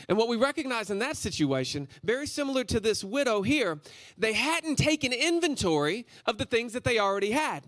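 High-voiced man preaching casually. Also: brisk, no room sound, clean studio sound. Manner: casual, energetic, slangy storytelling. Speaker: guest preacher. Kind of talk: conversational sermon.

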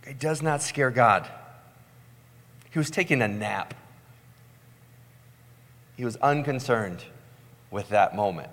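A man preaching a sermon in a conversational way, with lots of "like" and "right?", sometimes mimicking panicked voices before slowing into calm, soft emphasis. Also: medium pitch. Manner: acts out panicked voices, then slows and softens. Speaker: pastor. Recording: long hall reverb with soft guitar music.

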